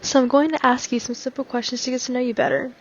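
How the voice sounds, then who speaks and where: A woman reading the lines of a calm, reassuring male therapist in a story reading. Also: sits high, fast, faint music behind. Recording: slightly dull lo-fi recording.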